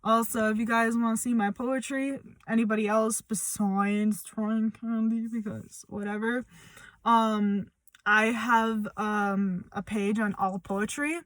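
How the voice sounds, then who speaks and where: A woman's voice: fairly high pitch, flat delivery, measured pace, dry recording. A young woman speaking bluntly and confrontationally in a personal update vlog, swearing as she calls someone out. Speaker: vlogger.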